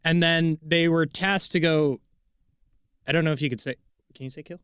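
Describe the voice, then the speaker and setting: A man's voice: a little high, moderate pace, smooth, no room sound. A man in a casual podcast chat, talking animatedly with slang and many restarts. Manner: animated, slangy, stumbles over words. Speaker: podcast co-host.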